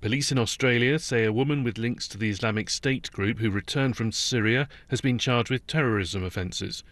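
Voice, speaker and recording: A man reading a radio news bulletin in a measured, formal way. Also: medium pitch, a bit bright, dry recording. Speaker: newsreader. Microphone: studio microphone.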